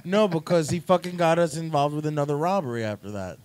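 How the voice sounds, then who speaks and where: A man's voice: a little high, expressive, quick pace, darkish tone, clear, resonant tone. Profane laughing man telling stories. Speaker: podcast co-host. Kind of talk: casual storytelling chat. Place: house.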